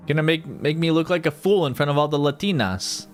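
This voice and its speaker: A man's voice: fairly high pitch, lively intonation, brisk, few pauses, soft background music. A man streaming casually, rambling and joking about games and mocking himself. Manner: rambling, jokey, self-mocking. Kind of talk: casual livestream chat.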